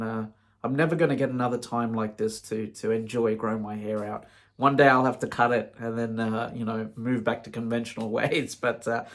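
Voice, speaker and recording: A man speaking casually to camera, frank and rambling, with many "you know"s as he tells stories. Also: medium pitch. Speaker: vlogger. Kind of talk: casual storytelling monologue.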